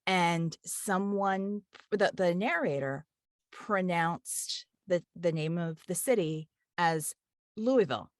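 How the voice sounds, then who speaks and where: A woman's voice: on the low side, fairly even intonation, takes it slowly, dry recording. Chatty woman with a Southern cadence. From Kentucky. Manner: chatty, easygoing, many fillers. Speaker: audiobook narrator and voice actor. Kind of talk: casual interview chat.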